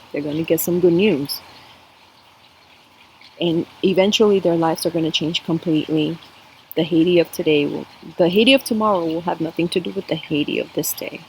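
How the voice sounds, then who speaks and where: A woman's voice: on the low side, darkish tone, slight background noise, rough recording. A woman giving a spiritual cup reading to camera, earnest and emotional, talking straight to her viewers. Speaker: tarot and coffee-cup reader.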